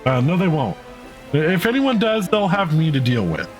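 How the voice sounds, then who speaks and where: A man voicing an eager young farmhand, stammering in his excitement. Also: fairly high pitch, normal speed, soft background music. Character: eager cheerful young farmhand, hard worker.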